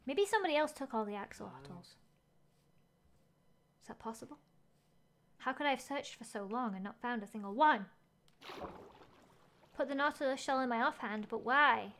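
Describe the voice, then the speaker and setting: A woman's voice: a little high, animated, normal speed, long pauses, fairly bright tone. A woman game streamer chatting casually as she plays, thinking aloud, gasping at finds and reading chat messages.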